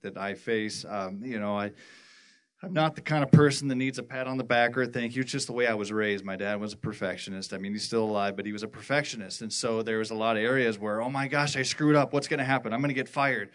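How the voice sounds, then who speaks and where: A man from the worship team giving a personal testimony at church, rambling and halting with many restarts. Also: medium pitch.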